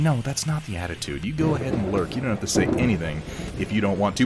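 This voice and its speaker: A man's voice: on the low side, sing-song, quick pace. A man streaming live while painting, chatting casually, rambling and poking fun at himself as he greets viewers. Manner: rambling, self-mocking, reads out chat names. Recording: faint music behind. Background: faint music.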